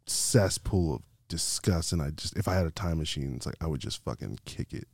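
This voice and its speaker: A man chatting as a podcast guest, telling crude, loud stories with lots of laughter. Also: very deep voice, expressive, a little fast, creaky, dry recording, studio quality. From Mexican heritage. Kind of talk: casual chat.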